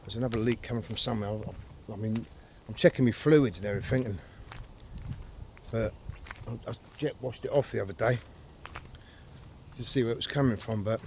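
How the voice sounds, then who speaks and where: A man's voice: lowish voice, fairly quick, a little mellow, a little hiss or hum. Sweary man rambling outdoors. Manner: sweary, blunt, rambling storyteller. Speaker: vlogger. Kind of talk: casual outdoor vlog rant. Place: outdoors by a river towpath.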